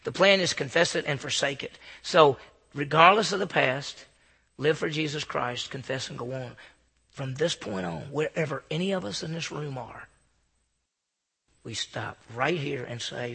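Man, devotional talk to a group, earnest, restarts sentences, gravelly, bright tone. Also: on the high side, normal speed, long reverb tail. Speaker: Christian speaker. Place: room with a group.

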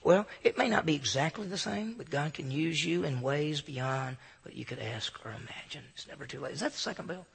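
A man's voice: a little high, lively intonation, fairly quick, vocal fry, few pauses, fairly bright tone, husky, long reverb tail. A man giving an earnest, informal devotional talk to a group in a room, often stammering and restarting his sentences. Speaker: Christian speaker.

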